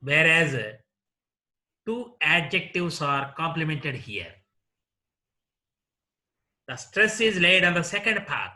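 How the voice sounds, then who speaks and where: A man with an Indian English accent teaching a slow, deliberate lesson, repeating word lists one item at a time. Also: a little high, expressive, sharp tone. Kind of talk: classroom lecture.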